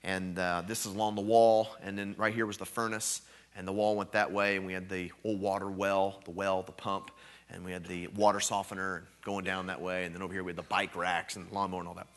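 A man in his thirties preaching at a revival, telling a personal story with animated, emphatic delivery. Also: deep voice, a little fast. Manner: animated storytelling, rising to loud emphatic peaks. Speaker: guest preacher. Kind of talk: revival sermon.

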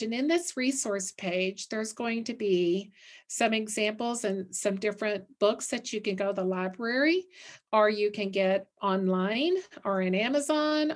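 A middle-aged woman who coordinates literacy work, reading a picture book aloud with questions for listeners and then giving parents tips. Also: mid-range voice.

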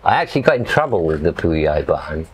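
A man's voice: very deep voice, big pitch swings, brisk, breathy edge. A middle-aged man from England telling stories in a casual, rambling way as an interview guest, dropping "you know" often. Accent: English. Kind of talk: casual storytelling.

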